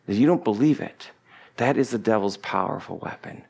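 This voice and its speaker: A man's voice: fairly low pitch, lively intonation, moderate pace, creaky, darkish tone, slightly rough. A man preaching a sermon, emphatic and repetitive, stretching out key words for stress. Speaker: pastor.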